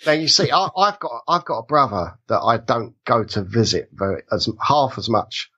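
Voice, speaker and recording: Man, English accent, husky voice, muffled remote audio, hesitant and self-deprecating. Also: medium pitch, animated, moderate pace, pushed and bright. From England. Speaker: podcast guest. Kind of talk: casual mock-trial banter.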